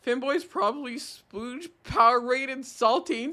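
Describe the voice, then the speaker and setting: A man on a live stream reads out chat messages and reacts to them in an animated, exasperated way, swearing freely. His voice has a bright, forward edge. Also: high-pitched, moderate pace.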